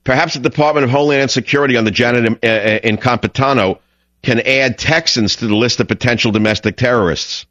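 A man's voice: mid-range voice, fast talker, fairly bright tone, no room sound, lo-fi sound. A middle-aged man with a New York accent hosting a call-in radio show, talking in a direct, opinionated way and restarting his words. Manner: direct, opinionated, repeats words when starting. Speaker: radio talk show host.

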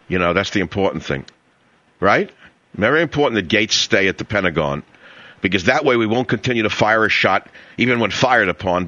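A brash middle-aged talk radio host with a New York accent drips sarcasm and mockery as he riffs. His voice is low yet bright, swinging widely up and down. The sound is dry and close, a little dull. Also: no room sound.

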